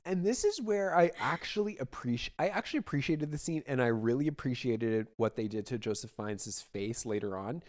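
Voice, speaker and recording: A man co-hosts a casual film-review podcast on a studio mic. He talks at an everyday mid pitch in a relaxed, conversational way, often thinking aloud and trailing into fillers. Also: fairly quick, hardly any pauses. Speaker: podcast co-host.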